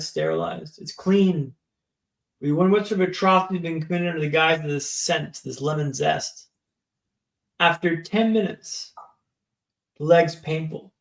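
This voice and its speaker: High-voiced gravelly man telling a story. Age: 30s. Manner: vivid dramatic storyteller, checks in with "right?". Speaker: podcast guest. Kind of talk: storytelling interview. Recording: echoey room.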